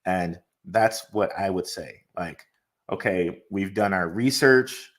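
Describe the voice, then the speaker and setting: A man co-hosting a casual livestream, talking hesitantly with many pauses and restarts. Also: low-pitched, a bit bright. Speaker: co-host.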